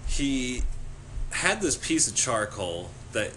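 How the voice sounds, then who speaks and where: A man hosting a podcast, telling an animated, funny story, laughing and swearing freely as he goes. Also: medium pitch, slow, a little hiss or hum. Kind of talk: casual storytelling chat.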